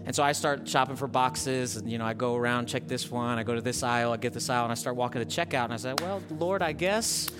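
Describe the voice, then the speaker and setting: A man's voice: mid-range voice, little pitch movement, fast, few pauses, over music. A man preaching a sermon as a pastor, talking casually and building to impassioned emphasis. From Southern California.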